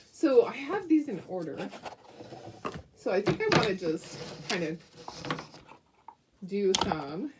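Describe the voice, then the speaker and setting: A woman's voice: medium pitch, a little mellow, slight background noise. A middle-aged woman hosting a casual craft tutorial at home, chatty and giggly, often restarting her sentences. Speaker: craft host.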